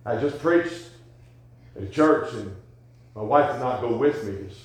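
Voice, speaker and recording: A man preaching a sermon, telling folksy stories and rising to loud, emphatic questions. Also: mid-range voice, lively intonation, measured pace. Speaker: pastor. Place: church sanctuary. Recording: echoey church sanctuary.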